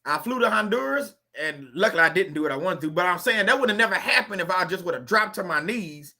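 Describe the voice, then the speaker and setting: A man's voice: sits high, expressive, fast talker, bright, forceful tone. A man hosting a faith-based video channel, talking in a casual, preachy way and putting rhetorical questions straight to his viewers.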